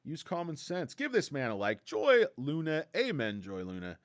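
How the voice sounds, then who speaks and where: A man's voice: fairly high pitch, huge pitch swings, moderate pace, no room sound. A man hosting a casual stock livestream, rambling, sarcastic and crude, dropping to mutters and jumping to outbursts. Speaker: stock streamer host.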